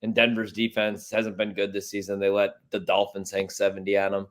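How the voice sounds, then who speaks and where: A man's voice: on the low side, completely flat delivery, brisk, fairly bright tone. A man from Chicago hosting a sports podcast, giving blunt, profane, opinionated takes in casual chat.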